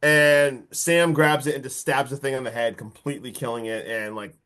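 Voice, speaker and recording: A man co-hosting a podcast, recapping a horror movie in casual, excitable chat full of fillers and mild swearing. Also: medium pitch, moderate pace. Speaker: podcast co-host.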